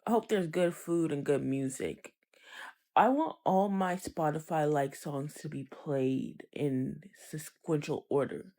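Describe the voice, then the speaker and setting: A person musing wryly in a deadpan, casual monologue. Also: medium pitch, unhurried.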